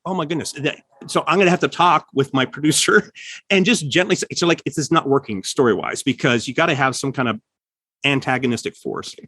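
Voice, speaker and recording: A man hosting a casual podcast, giving writing advice and acting out quoted lines with sudden jumps in pitch. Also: a bit bright, no room sound. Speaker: writer and podcast host.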